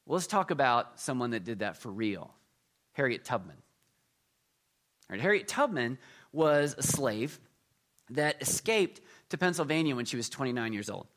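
A middle-aged man delivering a sermon with a humorous storyteller's touch. He leans hard into his punchlines, then drops to near-quiet asides. His voice sits at an ordinary male pitch. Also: big pitch swings, moderate pace, pauses often. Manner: humorous storytelling, swings between loud emphasis and quiet asides. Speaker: pastor.

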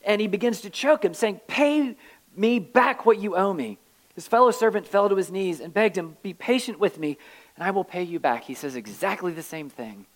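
Guy preaching, kinda high voice, chatty and wry, reads scripture then explains. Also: poor audio. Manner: conversational, wry asides, raises pitch when reading scripture. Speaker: pastor. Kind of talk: sermon with scripture reading.

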